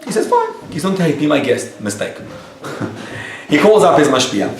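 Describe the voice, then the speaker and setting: Animated storytelling rabbi, echoey room. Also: male voice, on the high side, normal speed, a little hiss or hum. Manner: animated storyteller acting out quoted dialogue. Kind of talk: storytelling lecture. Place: lecture room with a live audience. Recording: echoey room, picked up from a distance.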